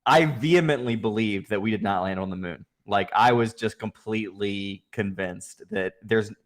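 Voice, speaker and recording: A man's voice: fairly low pitch, moderate pace. A man co-hosting a podcast, talking about movies in a laid-back, rambling way. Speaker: podcast co-host, film reviewer. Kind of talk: casual chat.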